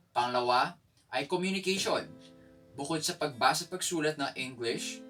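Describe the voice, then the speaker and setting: A man's voice: medium pitch, distant mic. A man with a Filipino accent, a chatty teacher and channel host who checks in with his viewers. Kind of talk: casual lesson in Tagalog and English. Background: guitar music.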